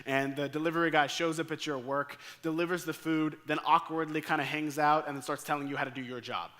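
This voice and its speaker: An American man preaching a sermon, telling a story with lively acted-out quotes. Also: on the high side, a little fast. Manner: energetic storyteller acting out quoted lines. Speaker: pastor.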